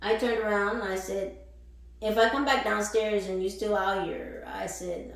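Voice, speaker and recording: A woman hosting a spiritual channel, telling a story in casual, animated, swearing talk and laughing often. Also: mid-range voice, normal speed. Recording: echoey room, voice far from mic.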